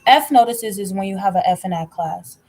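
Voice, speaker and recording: A young woman, telling a personal story in casual chat, blunt and animated, swearing freely. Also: on the low side, brisk, rough recording. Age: young adult. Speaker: tarot reader telling a story.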